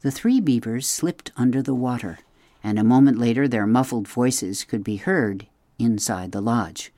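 A man reading a children's story aloud in steady, clear narration. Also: mid-range voice, normal speed, no room sound. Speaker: audiobook narrator. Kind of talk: scripted narration.

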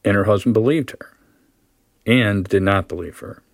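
A man reading a story aloud at a measured pace, then explaining it with casual fillers as a teacher. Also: lowish voice, vocal fry, dry recording. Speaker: literature teacher.

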